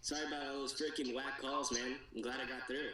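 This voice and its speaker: A man's voice: mid-range voice, little pitch movement, fast talker, a loud crowd. A laid-back man from California calling in to a live stream, chatting casually in slangy talk. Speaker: caller. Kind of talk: casual phone-in chat.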